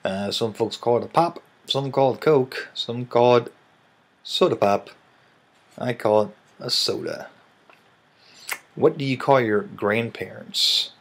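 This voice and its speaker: A man's voice: mid-range voice, slow, long pauses, rough recording. A tired man from Illinois, raised in Missouri, with a Midwestern American accent, rambling casually as he answers questions and yawns between words.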